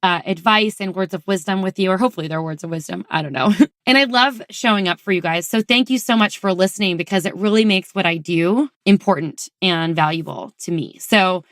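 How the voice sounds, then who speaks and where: A woman's voice: on the low side, brisk, a bit bright, no room sound, clean studio sound. A woman hosting her own podcast, talking casually and effusively to her listeners and laughing now and then. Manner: bubbly and effusive, laughing often. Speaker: podcast host. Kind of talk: casual solo podcast talk.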